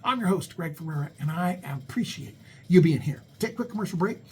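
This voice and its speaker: A man's voice: a little high, animated, a little fast, darkish tone, husky. A middle-aged American man hosting a talk radio show about real estate, speaking in a chatty, folksy way and often restarting his words. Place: radio studio.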